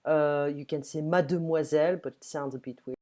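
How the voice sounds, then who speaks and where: A woman teaching a beginner French lesson online, patiently explaining and reading dialogue lines slowly and clearly. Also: sits low, little pitch movement, a little mellow.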